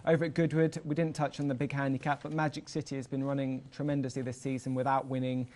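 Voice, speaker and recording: A man giving horse racing selections in a measured, matter-of-fact way. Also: medium pitch, flat delivery, a little mellow. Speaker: racing tipster. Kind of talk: casual tipping chat.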